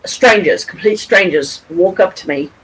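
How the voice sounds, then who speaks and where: A middle-aged woman from Michigan telling a story to her camera at home, rambling and animated, with frequent restarts and casual swearing. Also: lowish voice, unhurried, a little hiss or hum, low-quality recording. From Pontiac, Michigan, USA. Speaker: vlogger. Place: at home, with her cat nearby.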